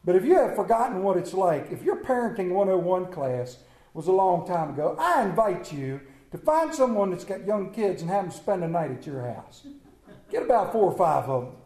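Very animated and speaking at a normal pace, this middle-aged pastor has a high but darkish-toned voice. He entertains his congregation in the church sanctuary with funny family stories, jokes and side remarks, and the sound is roomy.

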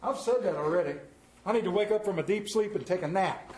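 A man's voice: sits high, brisk, darkish tone. A man giving a conversational sermon as a lay preacher, telling folksy, humorous stories about his week. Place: church sanctuary. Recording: roomy echo of a church.

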